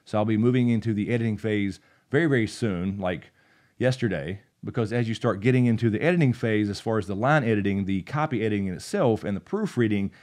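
A man's voice: fairly low pitch, quick pace, a little mellow. Upbeat man hosting a writing lesson. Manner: casual and upbeat, reads example passages aloud. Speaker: writing channel host. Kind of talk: instructional video talk.

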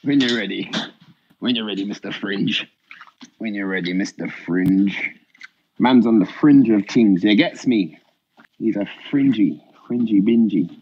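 A man's voice: fairly low pitch, moderate pace. A young man, bantering casually on a live stream, slangy and repetitive with sing-song asides. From Britain. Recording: dull lo-fi stream audio.

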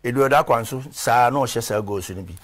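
A reverend who used to play football is a guest in a conversational interview, telling stories in a rambling way and pausing to search for names. His voice is medium-pitched and fairly bright, and he speaks fairly quickly.

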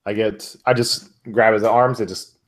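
A man playing in a tabletop game, describing his actions calmly. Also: on the low side, normal speed. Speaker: player. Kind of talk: casual chat at a game table.

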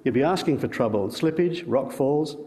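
A man with an Australian accent voicing a gruff, irritable older father who scoffs and complains. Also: medium pitch, lively intonation, normal speed, mellow, in a large hall, lightly acted. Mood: grumbling.

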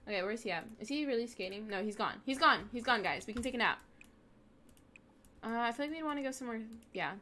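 A woman's voice: fairly high pitch, expressive, fast talker, sharp tone, slight background noise. Chatty young woman narrating gameplay. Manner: chatty, talks back at the game characters. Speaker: gaming video host. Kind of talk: casual let's-play commentary.

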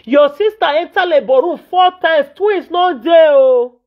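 A Nigerian woman vlogger vents in Pidgin English, scolding repetitively in an indignant tone. Her voice is high and her pace measured, captured in dull lo-fi audio.

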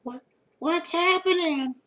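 A woman's voice: very high voice, slow pace, a bit bright, heavily acted. A woman playing a sweet-talking old lady who makes crude jokes, on a prank voice chat. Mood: doting. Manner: doting, teasing, crude jokes. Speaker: scambaiter.

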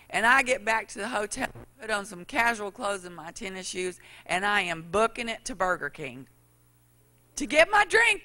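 A woman preacher giving a sermon, telling a personal story with animated delivery and questions to the congregation. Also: mid-range voice.

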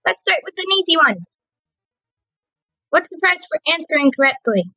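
A woman voicing a flamboyant male robot quiz-show host, announcing in a drawn-out, theatrical way. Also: high voice, big pitch swings, pushed and bright, highs cut off, voice pushed up, exaggerated voice. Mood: showy.

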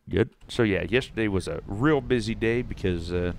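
A man's voice: lowish voice, normal speed, creaky, a little hiss or hum. A young man, chatting casually while playing a fishing game and rambling through a folksy story. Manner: rambling, folksy, lots of restarts. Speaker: gaming streamer. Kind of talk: casual gameplay commentary and storytelling.

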